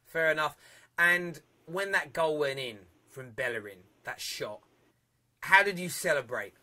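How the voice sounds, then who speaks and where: A young man hosts a live football phone-in, chatting with callers and reading out viewer comments. His voice sits high and sounds bright and forceful, and he laughs loudly and often. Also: unhurried. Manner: reads viewer comments aloud. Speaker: phone-in show host.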